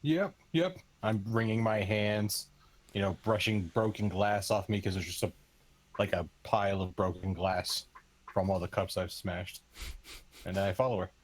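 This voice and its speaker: A man's voice: low voice, flat delivery, normal speed. Casual male tabletop player. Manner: casual, describes his actions. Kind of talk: casual play.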